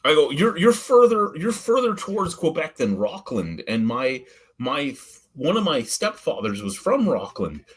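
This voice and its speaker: A man's voice: a little high, big pitch swings, measured pace, breathy edge. A middle-aged man from the Ottawa Valley, hosting a casual live-stream chat and telling blunt, profane stories with frequent laughs. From Ottawa Valley, Canada. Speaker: podcast host.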